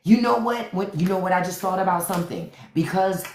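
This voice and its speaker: A woman's voice: mid-range voice, brisk, a little mellow. A woman hosting a livestream, talking back to the chat with profane, mocking commentary. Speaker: podcast host on a livestream. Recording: roomy echo.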